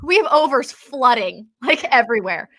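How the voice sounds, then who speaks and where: Female podcast co-host, forceful bright tone, slightly high, excitable casual sports banter. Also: moderate pace. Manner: excitable, trails off and restarts.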